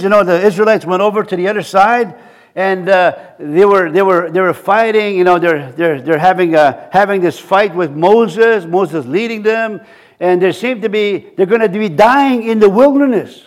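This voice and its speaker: Guy preaching, kinda high voice, keeps restarting his sentences. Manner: halting, repeats words, acts out quotes. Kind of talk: sermon.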